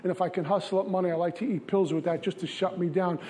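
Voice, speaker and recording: A man's voice: high-pitched, fairly even intonation, fast talker, warm tone, slight background noise. A man from Brooklyn, giving an earnest, confessional recovery testimony in a repetitive style. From Brooklyn, New York. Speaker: recovery speaker.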